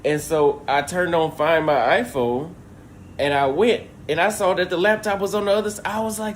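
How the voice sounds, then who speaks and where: Male streamer, fired-up storyteller who swears freely, fairly high voice, faint noise behind. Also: moderate pace. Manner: exasperated, profane, acts out dialogue. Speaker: livestreamer. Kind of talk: animated storytelling rant.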